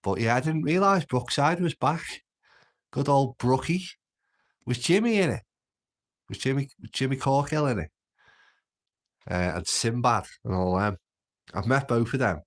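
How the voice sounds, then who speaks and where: A man's voice: mid-range voice, normal speed. A man from Birkenhead with a Scouse accent, hosting a casual livestream and chatting through comments with easy laughs. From Birkenhead, England. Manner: chatty, laughs easily, frequent restarts. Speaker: livestream host. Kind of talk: casual live chat reading comments.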